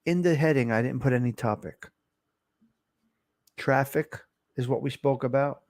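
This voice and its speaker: Here a chatty Italian-American host from New Jersey runs a laid-back livestream, reading comments aloud and asking how his mic is coming through. His mid-range voice is a little mellow and moves at a normal speed, captured dry on a close desk microphone.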